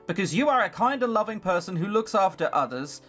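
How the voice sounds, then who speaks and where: A reader voicing a gentle, earnest young girl in a visual novel, in a plain, soft reading voice with lively pitch. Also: a little fast, faint music behind.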